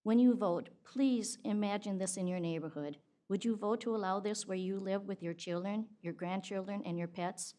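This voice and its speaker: A woman's voice: medium pitch, normal speed, few pauses, warm tone. A woman reading a prepared public comment as a resident, earnest and pleading.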